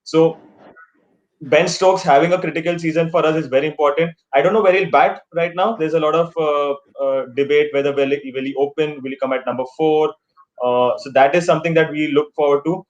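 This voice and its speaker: A man's voice: on the high side, fairly even intonation, brisk, muffled recording. A man speaking as a fan guest on a video call, earnest and analytical, with many fillers. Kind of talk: casual fan chat.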